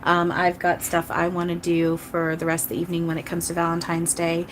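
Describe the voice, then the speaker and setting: A woman's voice: on the low side, monotone, brisk, a little hiss or hum. A woman channeler chatting casually on a live stream, rambling and earnest, apologizing often to viewers. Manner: chatty, rambling, with frequent restarts. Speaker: channeler giving live readings.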